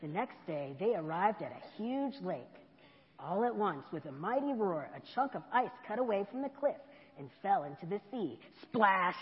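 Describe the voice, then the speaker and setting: A woman in a church, reading a children's picture book aloud to kids in an expressive storybook manner. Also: fairly low pitch, normal speed. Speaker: storyteller dressed as an elf. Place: church hall. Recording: dull echoey church hall.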